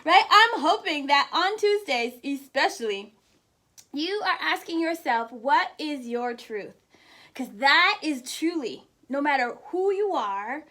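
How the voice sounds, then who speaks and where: A high-pitched woman hosts a casual, inspirational live stream. She is chatty and laughs often as she speaks straight to her viewers, calling out their names. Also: a bit bright. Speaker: host of a weekly live show.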